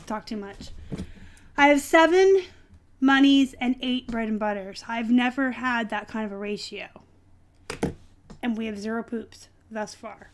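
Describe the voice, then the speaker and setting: A woman with a bright, high voice chats casually through a live stream, sprinkling her talk with ums and likes and getting excited. A faint layer of background noise sits under the recording. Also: unhurried, pauses often. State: dry throat, clearing it. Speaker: reseller streaming an unboxing.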